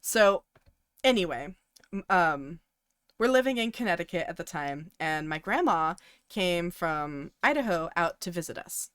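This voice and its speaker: A woman's voice: lowish voice, lively intonation, a little slow, fairly bright tone, clean tone, no echo, studio quality. A young woman co-hosting a podcast, telling a long story casually with many ums and likes and frequent laughs. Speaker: podcast co-host.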